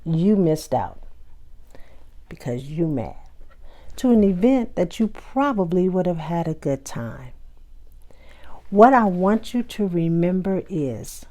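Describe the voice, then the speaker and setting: A woman's voice: lowish voice, sing-song, takes it slowly, long pauses, warm tone. A woman hosting her own show, giving motivational advice in a conversational way and acting out everyday scenes. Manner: conversational, acts out everyday dialogues. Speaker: host. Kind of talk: motivational talk.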